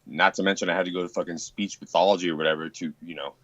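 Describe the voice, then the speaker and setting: A man's voice: low-pitched, steady tone, racing, a bit bright, no room sound. A man from Texas chatting casually on a podcast, profane and rambling. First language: not English. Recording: dull lo-fi sound.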